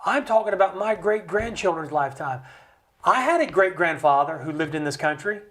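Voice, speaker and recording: Animated man explaining with passion. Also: high-pitched, a little fast. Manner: animated, acts out quoted voices, jokey asides. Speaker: guest. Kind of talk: impassioned conversational explanation. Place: recording studio.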